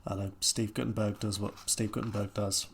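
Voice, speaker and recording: A man's voice: fairly low pitch, flat delivery, fairly quick, gravelly, slight background noise. A man, co-hosting a casual film chat with dry, wry asides. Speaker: podcast co-host.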